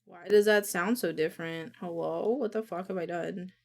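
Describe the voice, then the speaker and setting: A woman streamer chatting casually to herself, muttering, swearing often and reading script lines quickly. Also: on the low side, gravelly, darkish tone.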